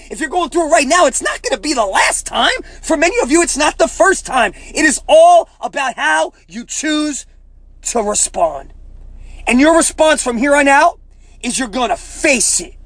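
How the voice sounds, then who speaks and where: A man hosting a motivational podcast as a life coach, talking in an emphatic, preacher-like way, often saying "man" and rising to near-shouting at the peaks. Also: extremely high pitch, no room sound.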